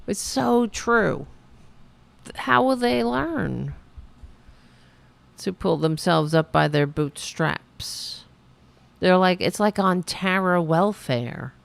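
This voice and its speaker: A woman hosting a livestream show, telling stories in a sarcastic, animated way with casual profanity. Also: on the low side, slow, vocal fry, long pauses. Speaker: show host.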